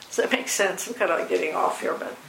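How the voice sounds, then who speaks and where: A woman's voice: fast, fairly bright tone. A woman leading a group discussion, talking in a thoughtful, rambling way with many fillers and restarts. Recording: roomy echo, faint background hiss.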